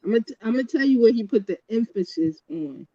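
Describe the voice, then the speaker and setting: A woman's voice: on the high side, expressive, fast, no echo, dull audio. A woman on a casual podcast panel, teasing the others and giggling.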